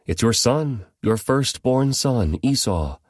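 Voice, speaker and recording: A man's voice: mid-range voice, animated, takes it slowly, a little mellow, no room sound, clean studio sound, voice pushed up. A man reading the part of a desperate grown son pleading with his father for a blessing. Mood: eager. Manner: pleading, anguished.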